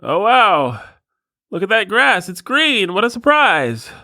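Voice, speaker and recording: A man's voice: high-pitched, very animated, slow, pushed and bright, no room sound, clean studio sound, voice pushed up, exaggerated voice. A man voicing a dim-witted adult man, talking in a sing-song tone of gaping wonder. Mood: awed.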